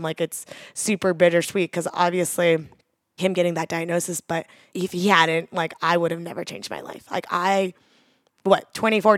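Woman, smooth low-ish voice, chatty and earnest, says like a lot, dry close sound. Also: dry recording. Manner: chatty, heavy use of "like", earnest. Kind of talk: personal storytelling interview.

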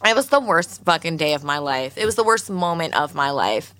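A woman's voice: sits low, a little fast, background noise. A woman co-hosting a podcast, telling a story with lots of swearing and acting out everyone's lines. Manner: profane, animated storyteller, acts out quotes. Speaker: podcast co-host. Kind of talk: casual storytelling chat.

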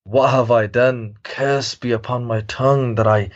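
A man's voice: medium pitch, steady tone, a little slow, close to an everyday voice. A man voicing a wealthy merchant in a folk tale he is retelling, in a lo-fi recording. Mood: distraught. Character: wealthy male merchant, fond of his parrot.

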